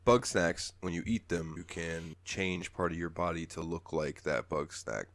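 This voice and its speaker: A man's voice: sits low, a little slow, fairly bright tone. A man co-hosting a podcast, chatting casually and rambling about a game, laughing often and swearing freely. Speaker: podcast co-host. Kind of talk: casual game review chat.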